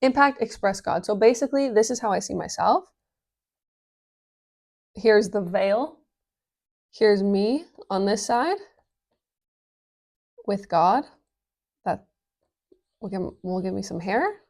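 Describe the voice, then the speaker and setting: A woman talking casually as a business coach, energetic and full of fillers, swearing now and then. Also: mid-range voice, slow, gravelly, pauses often. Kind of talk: casual explainer vlog.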